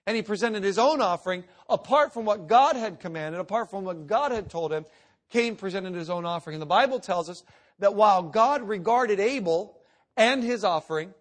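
A man preaching a sermon, emphatic, swinging between loud declarations and hushed asides, sometimes acting out quoted voices. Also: high-pitched. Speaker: pastor.

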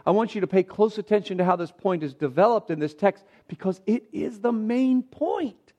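A man preaching a sermon, reading scripture aloud and stressing key words with shifting pace and loudness. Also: high-pitched, lively intonation, dull audio. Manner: emphatic preaching with pauses, varied pace and loudness. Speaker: pastor.

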